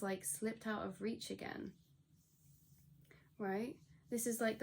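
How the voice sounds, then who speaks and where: A woman talks through a general tarot reading in a loose, rambling way. She restarts often and slips into quoted inner voices. Her pitch stays flat and even, with a faint hiss behind her. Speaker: tarot reader. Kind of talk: channeled tarot reading monologue.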